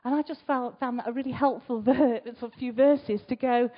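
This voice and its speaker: A woman giving a conversational sermon, asking the congregation rhetorical questions and moving between loud emphasis and quiet asides. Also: fairly high pitch, a little fast, few pauses. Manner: chatty, asks the listeners rhetorical questions. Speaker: preacher. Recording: slightly dull recording.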